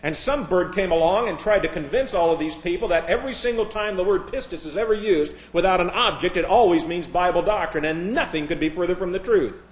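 Male preacher, fairly high voice, mocking sermon delivery, echoey room. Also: fairly quick, few pauses. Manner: sarcastic, mocking.

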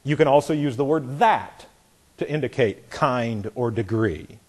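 A man's voice: mid-range voice, animated, unhurried, darkish tone, breathy edge. A middle-aged man teaching a Bible lesson in a folksy sermon style, repeating phrases and reading lines aloud to show a point.

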